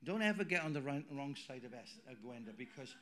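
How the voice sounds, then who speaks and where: A middle-aged man preaching a sermon in a church, emphatic, swinging between loud declarations and quiet asides. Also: mid-range voice, animated, fairly quick. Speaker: pastor.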